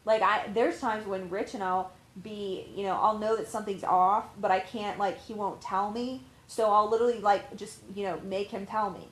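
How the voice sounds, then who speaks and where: A woman's voice: medium pitch, steady tone, moderate pace, hardly any pauses. Frank, rambling woman coach in an echoey room. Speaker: life coach. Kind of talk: casual talking-to-camera advice.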